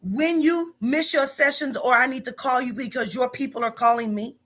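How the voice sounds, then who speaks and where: A woman's voice: sits high, moderate pace, fairly bright tone. A woman in her forties, a business owner, scolding bluntly and profanely in a heated phone argument. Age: 40s.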